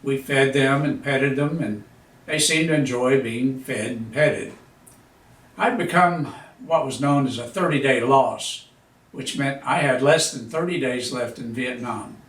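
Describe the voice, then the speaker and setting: A man's voice: mid-range voice, a bit bright. A man in his seventies, a veteran, reading his own memoir aloud in a dry, understated storytelling manner. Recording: echoey room, voice a bit far from mic.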